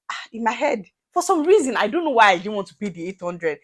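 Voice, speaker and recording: A young woman with a Nigerian accent tells a personal story for her vlog. She swings up and down in pitch as she acts out every line of dialogue, and her voice stays lively from start to finish. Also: fast talker. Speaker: vlogger.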